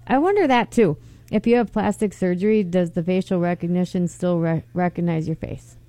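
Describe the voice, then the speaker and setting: A female radio co-host with a warm, mellow voice, recorded close and dry in the studio. Her on-air chat is casual and chatty. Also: on the low side, brisk, no echo.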